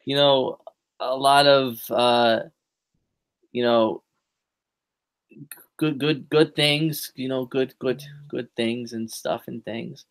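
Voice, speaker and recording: A man's voice: mid-range voice, fairly even intonation, slow pace, pauses often. A man co-hosting a wrestling podcast, chatting casually and rambling with lots of fillers and restarts. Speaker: podcast co-host. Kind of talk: casual chat.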